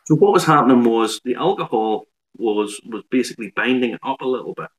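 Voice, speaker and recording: A man's voice: medium pitch, animated. Man explaining whiskey. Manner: explanatory, measured, dry humour. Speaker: whiskey expert guest. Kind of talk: live online chat show.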